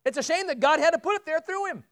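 A man with a strikingly high voice preaches a sermon to a congregation in a church. He talks casually, checks in with the listeners through questions, and stumbles over repeated words whenever he pushes a point home. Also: expressive, quick pace, fairly bright tone.

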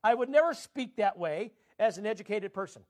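High-voiced man preaching emphatically. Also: lively intonation. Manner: emphatic preaching with slow, drawn-out scripture quotes and sharp pitch swings. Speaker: pastor. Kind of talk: sermon.

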